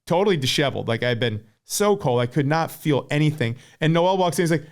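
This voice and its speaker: An American man in his forties, a podcast guest and former pro cyclist, chatting casually and telling stories in an animated way, full of "like" fillers. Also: on the high side, fairly quick. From United States. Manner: animated storyteller, many "like" fillers. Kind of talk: casual chat.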